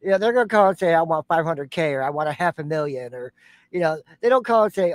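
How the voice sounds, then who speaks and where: Guy on a reaction show, fairly high voice, sarcastic and disbelieving, dry close sound. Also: animated, quick pace, no room sound. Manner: incredulous, sarcastic. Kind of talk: casual reaction commentary.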